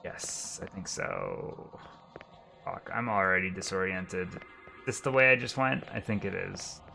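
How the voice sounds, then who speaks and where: A man's voice: sits low, unhurried, gravelly, sharp tone, faint music behind. A man streaming a video game, commentating casually and joking with frequent swearing. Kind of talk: let's-play commentary.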